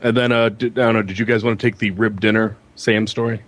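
A man co-hosting a podcast, telling a long anecdote in casual chat and acting out the people in it. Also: fast. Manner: animated storyteller who slips into high-pitched quoted voices. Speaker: podcast co-host.

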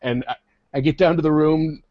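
A man's voice: fairly high pitch, steady tone, fairly quick, no room sound. A man co-hosting a casual podcast, recounting a hotel party with frequent chuckles and quoted back-and-forth. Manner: chuckling, keeps quoting others. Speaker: podcast co-host. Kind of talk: casual storytelling chat. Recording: dull lo-fi sound, dry.

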